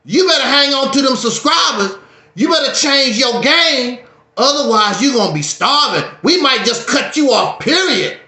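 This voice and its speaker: A man's voice: extremely high pitch, lively intonation, moderate pace, sharp tone, exaggerated voice. A man voicing a dismissive male welfare office worker who scolds bluntly and mockingly. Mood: scolding. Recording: echoey room.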